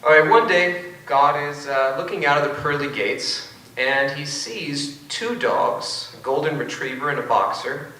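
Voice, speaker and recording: A man with a bright, forceful voice gives a lecture-style debate talk, wry and full of joking asides. He is picked up from a distance in a big auditorium, and his words ring with heavy echo. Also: a little high, unhurried, hardly any pauses. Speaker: philosophy professor. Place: large auditorium. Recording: echoey auditorium from far off.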